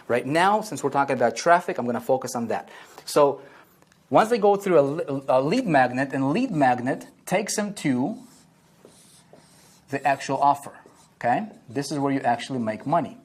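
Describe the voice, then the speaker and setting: A man's voice: mid-range voice, lively intonation, normal speed. A man teaching online marketing at a whiteboard, repeating key phrases and checking in with "okay?" and "right?" after nearly every point.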